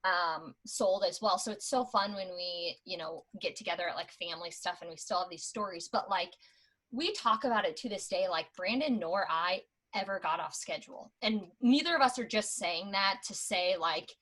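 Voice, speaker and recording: Chatty woman with a bright voice. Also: lowish voice, moderate pace, poor audio. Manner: chatty, many "like" fillers. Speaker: podcast guest, former door-to-door book seller. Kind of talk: casual storytelling chat.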